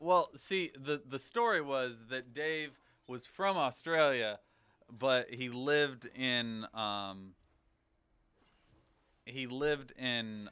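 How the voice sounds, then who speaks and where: Bright chatty male game streamer. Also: medium pitch, very slow, clean tone, no echo. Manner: rambling, chatty, thinks out loud. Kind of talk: casual livestream chat while gaming.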